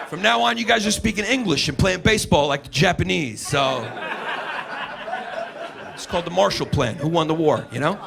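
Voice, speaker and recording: A man's voice: high-pitched, sing-song, normal speed, creaky. Brash profane stand-up comic man, live. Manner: brash, profane, riffing, mock-foreign gibberish bits. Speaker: stand-up comedian. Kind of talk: stand-up comedy set. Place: comedy club stage. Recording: live club recording, loud crowd laughter and noise. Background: audience laughter.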